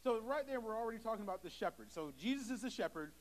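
A man's voice: sits high, lively intonation, fast, low-quality recording. A young man preaching a sermon in a church, talking casually and acting out short quoted exchanges. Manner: conversational, acts out little quoted dialogues. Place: church sanctuary.

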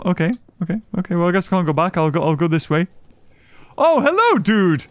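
A man's voice: high voice, big pitch swings, fairly quick, over loud music. A young man commenting on a game playthrough, goofy and jokey, with sudden squeals and silly voices. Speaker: gaming YouTuber. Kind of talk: let's play commentary.

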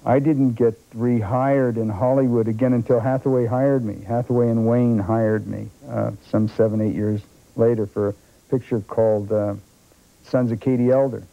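A man's voice: mid-range voice, normal speed, vocal fry. An older man, a film actor, telling anecdotes as a talk show guest and acting out the voices of others. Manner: animated storyteller who acts out other people's voices. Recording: dull lo-fi broadcast tape.

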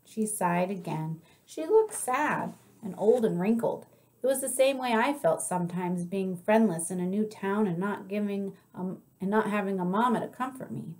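A woman reading a children's novel aloud in an expressive, friendly way. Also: medium pitch, moderate pace. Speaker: storybook reader.

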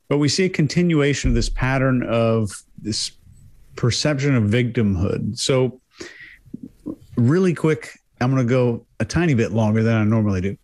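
A man's voice: mid-range voice, a little mellow. A man in a casual panel discussion, explaining his point with simple examples. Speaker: body language analyst.

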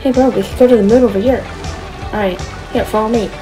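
A woman's voice: fairly high pitch, steady tone, fast, close to an everyday voice, rough recording. A woman voicing a young male wolf in a Minecraft roleplay, talking casually, calling everyone bro and stammering with fillers. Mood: excited. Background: background music.

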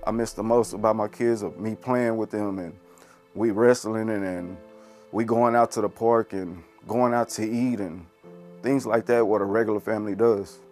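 A man's voice: lowish voice, steady tone, normal speed, darkish tone. A man telling his side in a confessional interview, emotional and pleading. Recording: music bed underneath.

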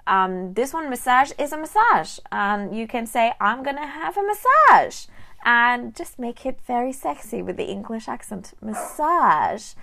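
A woman's voice: mid-range voice, a bit bright. A woman, teaching a language lesson on a live stream in a chatty way, often restarting her sentences and speaking to viewers.

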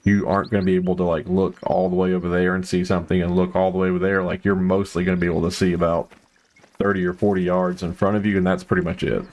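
A man giving casual, rambling commentary while playing a hunting video game, full of fillers and sudden excited outbursts. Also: low voice, quick pace, a little hiss or hum. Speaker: gameplay commentator.

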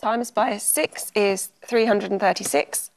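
A woman's voice: medium pitch, fairly even intonation. Woman presenting a TV quiz. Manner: brisk, clear announcing. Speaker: game show co-presenter calling letters and numbers. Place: TV studio.

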